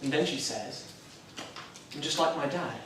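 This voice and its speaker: Unhurried and a bit bright, a man's slightly high voice portrays a nervous, self-doubting young Catholic in a stage drama, hesitant and wryly self-deprecating. The room echoes, the mic is far away, and there's slight background noise.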